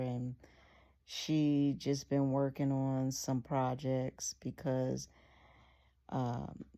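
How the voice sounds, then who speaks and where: Woman reading her own book aloud: very low and gravelly, slow, relaxed storytelling. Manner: unhurried, with many fillers and restarts. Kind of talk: loose storytelling narration.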